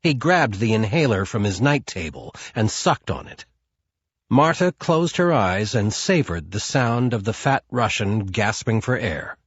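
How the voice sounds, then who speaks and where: A man narrating an audiobook in a measured, scripted read. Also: fairly low pitch, expressive, slightly rough, no echo, highs cut off.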